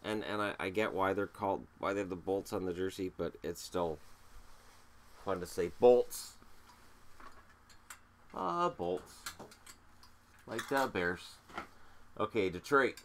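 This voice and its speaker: A man with a cold talks through his collection in a relaxed vlog, cracking jokes at his own expense as he counts. His voice sits on the low side. A faint background hum runs under the recording. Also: moderate pace. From Canada. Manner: joking, self-mocking, counts items aloud. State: has a cold. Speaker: hockey video host. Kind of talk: casual show-and-tell vlog.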